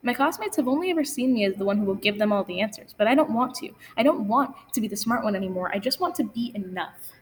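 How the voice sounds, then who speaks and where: A woman's voice: medium pitch, lively intonation, fast, few pauses, long reverb tail, slight background noise. A teenage girl sharing a personal story in an earnest, confessional spoken-word talk. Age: teens. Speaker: student speaker. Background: guitar music.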